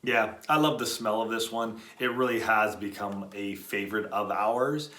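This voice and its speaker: A man's voice: on the low side, normal speed, bright, forceful tone, roomy sound. A middle-aged man co-hosting a show, casually giving practical tips in an easygoing way. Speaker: podcast co-host. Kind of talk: casual product chat.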